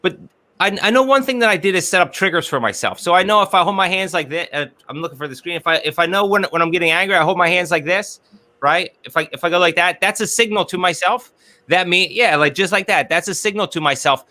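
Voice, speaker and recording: A man speaking as an interview guest over a video call from his office. His voice sits high and sounds bright and forward. He talks earnestly and loops back over words while he finds his point. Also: fast talker. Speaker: guest, business strategist. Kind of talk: casual interview chat.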